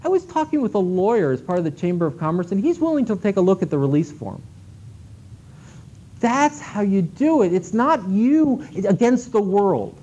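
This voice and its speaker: High-voiced man giving a conference talk. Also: sing-song, normal speed, slightly rough. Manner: emphatic, swings between loud and hushed. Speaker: keynote speaker at a library conference. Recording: dull lo-fi recording with faint noise.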